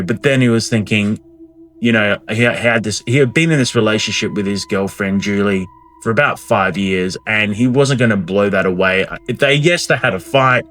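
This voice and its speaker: A man with a fairly low, slightly bright voice speaks at a normal pace. As a channel host, he tells a spooky myth casually and ramblingly, full of asides and restarts.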